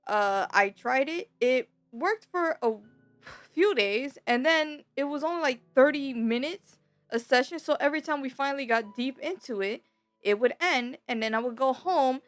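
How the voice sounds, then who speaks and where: A woman's voice: high voice, animated, moderate pace, faint music behind. A young woman gaming YouTuber talking candidly at home in a rambling, confiding way, full of fillers and restarts. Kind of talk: candid personal vlog talk.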